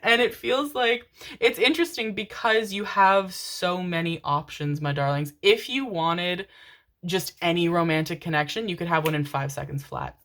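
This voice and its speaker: A woman's voice: fairly low pitch, moderate pace, fairly bright tone. A woman giving a pick-a-card tarot reading. She speaks to her listeners with affection, calls them her darlings, swears casually, repeats phrases and laughs often. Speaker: tarot reader.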